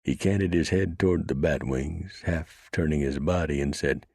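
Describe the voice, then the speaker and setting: A man reads a western novel in a very deep, gravelly voice with a husky grain. His measured narration is recorded dry and close to the mic. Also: darkish tone, dry recording. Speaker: audiobook narrator.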